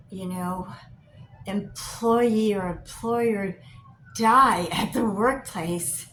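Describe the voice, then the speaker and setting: An older woman chatting to camera as a vlogger, telling stories in an animated way and acting out both sides of her phone calls. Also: mid-range voice. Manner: animated storyteller, acts out both sides of calls, gets loud when riled. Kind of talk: casual chat to camera. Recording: echoey room with faint hiss.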